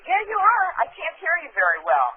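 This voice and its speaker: A man's voice: very high voice, wildly swooping pitch, a little fast. A man making a playful, teasing prank call, then chatting about it. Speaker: prank caller. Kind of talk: phone prank chat. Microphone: telephone. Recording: tinny phone line, faint hiss.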